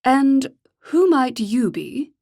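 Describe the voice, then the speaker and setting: A woman's voice: sits high, animated, slow pace, darkish tone, pitched above the performer's own voice, exaggerated voice. A woman reading the part of a cold, ruthless male gang leader with a clipped, educated English accent and a curt, menacing way of speaking.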